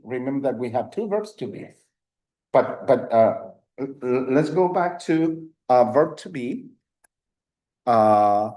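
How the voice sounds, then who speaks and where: A man's voice: medium pitch, darkish tone. A man teaching an adult language class as the teacher. He is patient, and he stops often to repeat himself and confirm answers. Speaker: Spanish teacher. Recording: echoey room sound.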